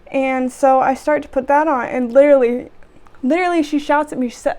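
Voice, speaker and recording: Young woman rambling casually, high voice, dry sarcastic sighs. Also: fairly even intonation, fast talker, a little mellow. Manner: sarcastic, exasperated venting with sighs. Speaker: vlogger. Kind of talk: casual storytelling chat.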